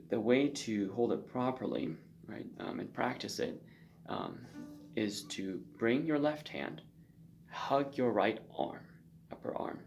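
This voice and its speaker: A man giving a spoken violin lesson, loose and conversational, often checking in with a quick "okay?". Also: mid-range voice, creaky, slight background noise. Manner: loose and conversational, frequent ums and check-in okays. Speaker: violin teacher. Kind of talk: spoken instruction with demonstration.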